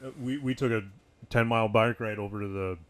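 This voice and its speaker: A man's voice: on the low side, fairly even intonation, a little fast. A man co-hosting a beer tasting vlog, chatting in an easygoing, agreeable way. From Wisconsin. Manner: easygoing, agreeable, hesitant fillers. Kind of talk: casual chat.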